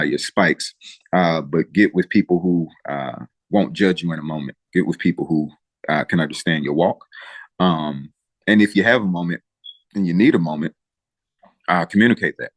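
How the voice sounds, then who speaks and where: Brief: deep male voice, dry close sound, earnest interview guest, emotional delivery with halting pauses and restarts. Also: no echo. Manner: preacher-like encouragement to listeners.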